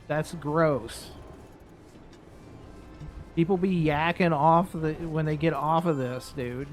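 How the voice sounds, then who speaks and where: A man giving casual let's-play commentary, relaxed and thinking aloud as he builds in a game. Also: a little high, takes it slowly, pauses often, soft background music. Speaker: gaming YouTuber.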